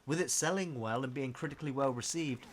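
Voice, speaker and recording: A man co-hosting a game review show, explaining background facts in a measured, informative way with some hesitations. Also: medium pitch. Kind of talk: casual review chat.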